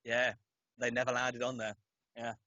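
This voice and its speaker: A man co-hosting a podcast in casual chat, making dry, deadpan jokes. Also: medium pitch, normal speed, no room sound. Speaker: podcast co-host. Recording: dry, dull lo-fi sound.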